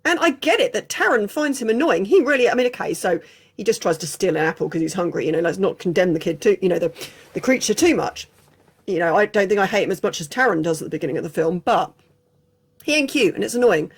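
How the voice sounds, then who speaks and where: A woman's voice: mid-range voice, expressive, quick pace, husky. Host, woman, casual frank chat. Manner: chatty, opinionated, frank.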